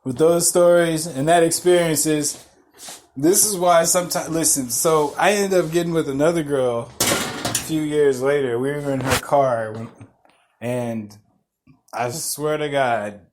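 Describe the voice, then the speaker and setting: Slow-talking profane male storyteller. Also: on the high side. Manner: profane, rambling, laughs through his stories. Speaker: podcast host. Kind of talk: casual storytelling.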